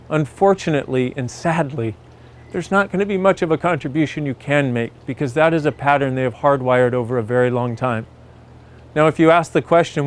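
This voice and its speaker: A man reading aloud and then speaking reflectively to his viewers in a gentle, earnest, emotional way. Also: mid-range voice. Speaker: self-help video host.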